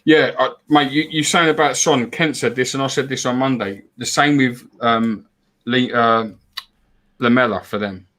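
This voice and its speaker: A man's voice: mid-range voice, fairly even intonation, normal speed, fairly bright tone. A man co-hosting a casual live fan stream, chatting about football and reading out donations. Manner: chatty, repeats words, reads out donors. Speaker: fan show co-host.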